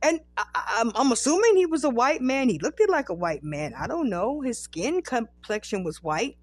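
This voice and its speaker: A woman's voice: fairly high pitch, sing-song, moderate pace, breathy edge, no echo. A woman in her thirties hosting a podcast, telling a rambling, profane story in casual chat. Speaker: podcast host.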